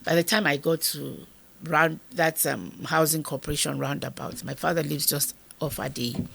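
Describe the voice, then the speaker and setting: A woman's voice: low voice, fairly even intonation, unhurried, vocal fry, fairly bright tone, a little hiss or hum. A Nigerian woman in her fifties, an interview guest telling an emotional personal story and acting out the dialogue as she goes. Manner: vivid retelling that acts out the dialogue.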